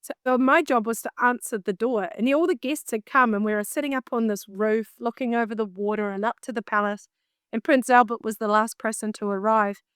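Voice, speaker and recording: Animated New Zealand woman, smooth voice. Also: fairly high pitch, fairly quick, no room sound, clean studio sound. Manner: animated, laughing often, self-mocking. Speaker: singer and vocal coach, guest. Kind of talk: casual storytelling in an interview.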